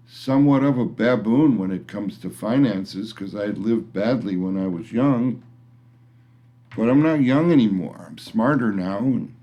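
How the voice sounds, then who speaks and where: A middle-aged man grumbles at an unhurried, drawn-out pace, blunt and cranky as he rambles through his complaints. His voice sits mellow and dark, and he often restarts his sentences mid-thought. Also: lowish voice. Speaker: vlogger. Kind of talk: casual rant to camera.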